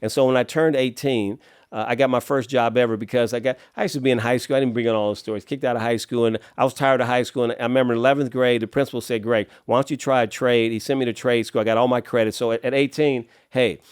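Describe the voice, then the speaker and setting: A middle-aged man from Los Angeles, a podcast guest telling his life story in a casual, streetwise way, often clearing his throat. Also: mid-range voice, fairly even intonation, fast talker, dry recording, studio quality. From Los Angeles, USA.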